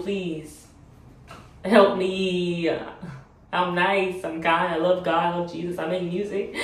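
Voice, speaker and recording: A young woman talks straight to her viewers in a lowish voice, emotional and half laughing to keep from crying. She sits back from the mic in a very echoey room. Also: recorded from a distance. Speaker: vlogger. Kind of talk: personal plea to camera.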